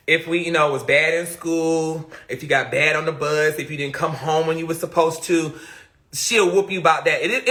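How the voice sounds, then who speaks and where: Male streamer, very bright tone, animated storytelling with frequent laughs. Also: on the high side. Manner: animated, laughs often, talks straight to viewers. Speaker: live streamer. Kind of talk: casual storytelling on a live stream.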